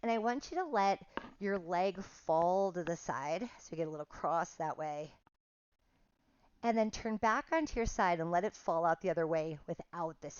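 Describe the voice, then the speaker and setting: Chatty pilates instructor woman, lowish voice. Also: darkish tone, no room sound, muffled recording. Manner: chatty, self-deprecating, counts reps aloud. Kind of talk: guided workout instruction.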